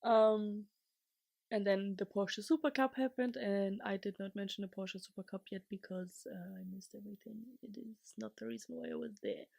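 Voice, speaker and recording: A young woman vlogger chatting casually and excitably, rambling, laughing often and swinging from whispers to shouts. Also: mid-range voice, moderate pace, creaky, dry recording, studio quality.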